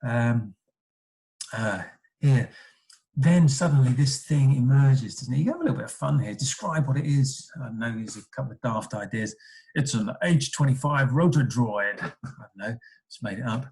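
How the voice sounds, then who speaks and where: A man's voice: medium pitch, moderate pace, vocal fry, warm tone, rough recording. A man teaching a writing lesson to primary school children. He thinks aloud and keeps adding tag questions. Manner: asks many tag questions like "isn't it?"; thinks aloud with frequent ums and self-corrections.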